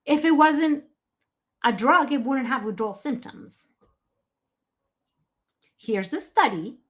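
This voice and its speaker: In an online health presentation, a woman with a high, animated voice speaks slowly and emphatically. She's a health presenter who drops in apologetic asides to the viewers in the chat.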